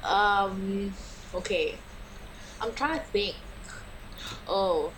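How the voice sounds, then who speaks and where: A woman's voice: medium pitch, extremely slow, a bit bright. A teenage girl, chatting casually as a podcast co-host and packing her stories with "like". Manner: chatty, fillers "like" constantly, storytelling. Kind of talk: casual chat. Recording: noisy room ambience.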